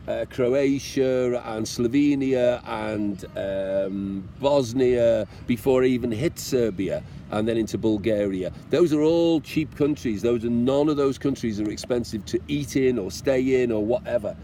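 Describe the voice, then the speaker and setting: A chatty British man, speaking at a middle pitch, vlogging outdoors about riding his motorbike across countries. He talks to the viewer in a warm, encouraging way and mocks himself with the odd joke. The faint hum of traffic and street sounds sits behind his voice. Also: a little slow, hardly any pauses. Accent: British English. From Britain. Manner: chatty, encouraging, self-mocking, jokingly tearful. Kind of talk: casual chat to camera.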